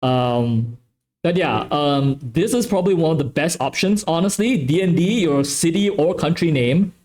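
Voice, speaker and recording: Animated Malaysian man with a westernized accent. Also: fairly high pitch, normal speed. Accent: westernized English. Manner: animated, talkative, playfully self-correcting. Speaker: streamer hosting a tabletop game channel. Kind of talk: casual stream chat.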